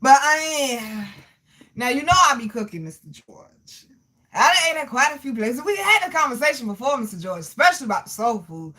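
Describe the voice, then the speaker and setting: Brash, lively woman host chatting to her chat. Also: fairly high pitch, fairly quick. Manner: animated, loud, laughs often, salty slang. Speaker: livestream host reading chat. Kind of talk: casual chat.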